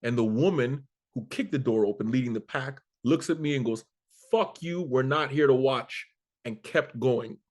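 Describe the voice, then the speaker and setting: A man from Canada, a comedian guest in an interview, telling a story with animated energy and acting out the voices of the people in it. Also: mid-range voice, moderate pace. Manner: animated, acts out quoted voices, swears casually.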